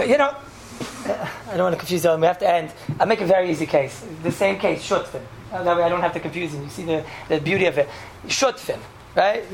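A woman teaching an informal class on Jewish law to a live group. She talks conversationally, keeps checking in with "right?", and restates points to make them clear. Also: medium pitch, a little hiss or hum. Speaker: religious teacher.

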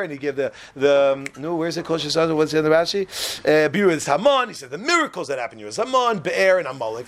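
A man teaching a Torah class in an animated way, quizzing his listeners and laughing at his own jokes. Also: on the high side. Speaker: religious teacher.

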